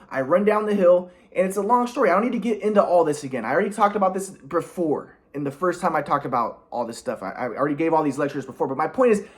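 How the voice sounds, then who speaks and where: A male vlogger with a high voice tells a long personal story in a rambling monologue. He halts often, restarting, repeating words, and clearing his throat.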